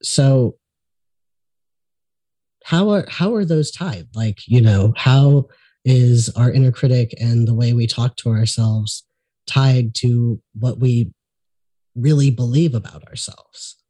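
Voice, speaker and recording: A man's voice: mid-range voice, takes it slowly, pauses often, dark tone, no room sound. A man hosting a casual talk conversation, easygoing with hesitant fillers.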